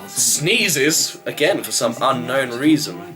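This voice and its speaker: A man's voice: medium pitch, sing-song, slow pace, music in the background, poor audio. A man giving a chatty, wry running review of a wrestling show, rambling with fillers. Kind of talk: casual vlog review.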